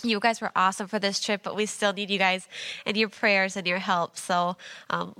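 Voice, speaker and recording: A woman's voice: medium pitch, little pitch movement, normal speed, bright, forceful tone. A woman on a mission team, eagerly appealing to the congregation for prayers and ideas. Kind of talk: casual church talk.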